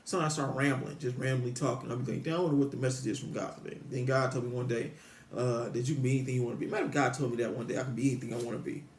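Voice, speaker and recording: A man's voice: medium pitch, fairly even intonation, racing, reverberant, slight background noise. A man, rambling about God to his viewers, full of restarts and rhetorical questions. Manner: meandering, repetitive, frequent restarts, rhetorical questions. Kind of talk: rambling religious musing to viewers.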